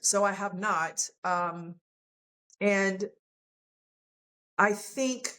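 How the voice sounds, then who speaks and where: Woman podcast guest, mid-pitched, earnest, emotional storyteller who re-enacts dialogue. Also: drawn-out words, bright, forceful tone, poor audio. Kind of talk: candid personal storytelling.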